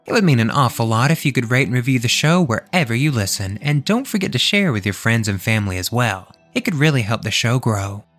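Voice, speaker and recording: Man, podcast host, reading a classic tale, expressive, lively pitch, faint music behind. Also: brisk, few pauses.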